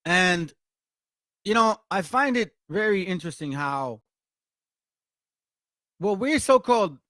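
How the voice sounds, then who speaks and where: A man's voice: sits high, lively intonation, slow, sharp tone, no room sound, studio quality. A man, hosting a blunt, confrontational and profane commentary for viewers. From Mexico. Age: 40s. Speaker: channel host.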